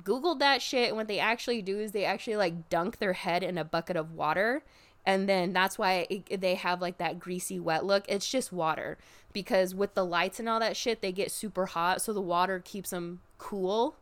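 A woman of middle pitch talks in a loose, casual chat, full of swearing. Her voice leaps up high when she gets excited, then drops low and quiet for her asides. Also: normal speed. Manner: animated and expressive, frequent laughs and swearing. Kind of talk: casual chat recapping a wrestling show.

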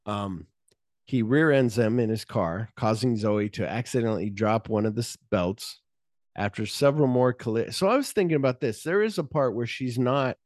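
Man, podcast host, casual recap, swears a lot, mid pitch, dry close sound. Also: animated, normal speed, darkish tone, dry recording. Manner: recaps a film plot, jumping into quoted lines of dialogue; swears freely and loosely. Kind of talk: casual chat.

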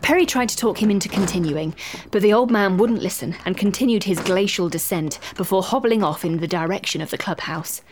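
A woman narrating a story in a wry, expressive way. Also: mid-range voice, fairly quick, slight background noise.

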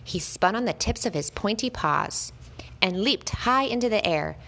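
A woman reading a children's story aloud, gentle and expressive, lifting her voice at the lively moments. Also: mid-range voice, normal speed, creaky.

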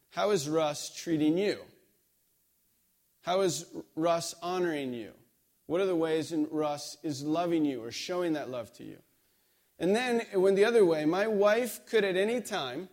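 Middle-aged male pastor, sermon delivery, somewhat high-pitched, chatty storyteller who voices the people in his stories. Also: darkish tone. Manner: conversational storytelling, acts out quoted dialogue.

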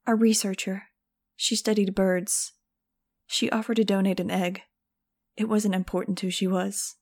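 A woman reads out a stern female director with a cold, clipped manner. Her replies come short and contemptuous, in an audiobook voice of middle pitch. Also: flat delivery, measured pace, darkish tone. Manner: curt and contemptuous. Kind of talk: audiobook reading.

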